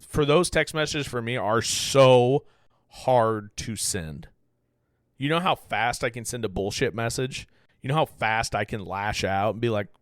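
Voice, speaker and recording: A man's voice: medium pitch, clear, resonant tone, dry recording, studio quality. Candid rambling male podcast host. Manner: candid, rambling, swears freely. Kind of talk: casual self-reflective talk.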